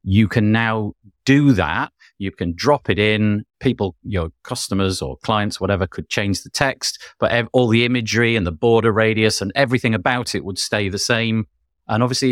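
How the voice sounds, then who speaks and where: An enthusiastic man hosts a casual tech news podcast, his voice sitting fairly low. He rambles eagerly from item to item. The sound is dry and close. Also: dry recording. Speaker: podcast host.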